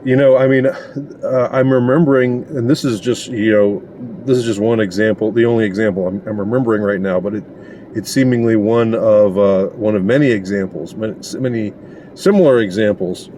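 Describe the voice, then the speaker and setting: A man giving a casual opinion monologue, indignant and sarcastic, pausing often as he talks. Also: lowish voice, fairly even intonation, dark tone, slight background noise. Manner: indignant and sarcastic, halting with many pauses. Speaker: commentator.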